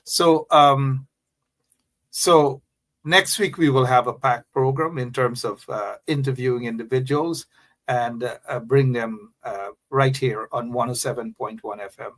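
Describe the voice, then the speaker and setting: A man's voice: mid-range voice, steady tone, unhurried, fairly bright tone. A man with a Guyanese accent hosting a live radio talk show, talking straight to his listeners with emphatic, repeated phrases.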